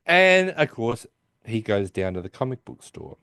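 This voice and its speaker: A man's voice: mid-range voice, big pitch swings, takes it slowly, bright, forceful tone, no room sound, studio quality. A man co-hosting a podcast, casually retelling a TV episode and acting out the characters' lines with restarts and asides. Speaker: podcast co-host recapping an episode. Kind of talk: casual chat.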